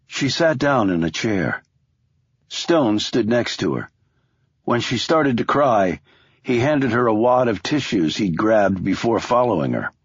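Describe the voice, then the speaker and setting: Male thriller narrator, husky, lively intonation, dry booth sound. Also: fairly low pitch, dry recording, dull audio. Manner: expressive, measured storytelling. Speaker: audiobook narrator.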